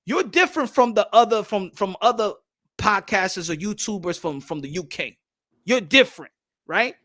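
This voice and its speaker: A man co-hosting a boxing podcast, talking in an animated, emphatic way and repeating himself. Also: high voice, moderate pace. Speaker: podcast co-host. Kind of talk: casual boxing podcast chat.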